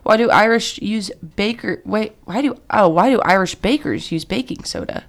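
A woman's voice: medium pitch, animated, moderate pace. A woman co-hosting a radio show, playful and laughing often as she trades puns. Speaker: radio co-host. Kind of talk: casual radio chat.

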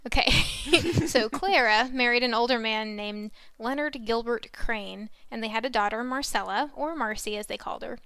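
A woman co-host chats casually with a bright, clear tone. Her voice sits a little high and is recorded close and dry. She keeps telling a spooky legend while slipping into giggly, rambling side stories. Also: moderate pace, few pauses, dry recording. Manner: giggly, chatty, rambling asides. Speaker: podcast co-host.

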